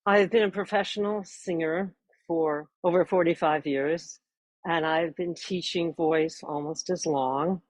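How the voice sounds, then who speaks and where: A woman in her sixties, a voice teacher, earnestly introducing her course at a measured pace with warm emphasis. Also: fairly low pitch, steady tone, dry recording, rough recording.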